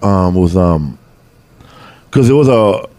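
A man's voice: low voice, animated, takes it slowly, dark tone. A comedian in his forties telling stories in casual chat, rambling, swearing freely and using loose street slang. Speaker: comedian guest.

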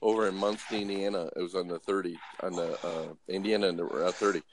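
Animated low-voiced man telling a story. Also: fast, slight background noise. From Los Angeles. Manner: animated, acts out voices, swears, frequent restarts. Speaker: guest storyteller. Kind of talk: casual storytelling.

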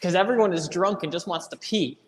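A woman co-hosting a podcast in casual chat by phone while out walking a dog, teasing with deadpan jokes. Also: fairly low pitch, a little fast, in a large hall. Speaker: podcast co-host.

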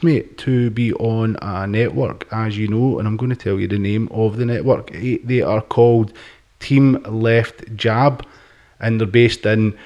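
British male podcast host, lowish voice, loose rambling banter with stumbles. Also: darkish tone. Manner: rambling, stumbles and repeats words, swears casually.

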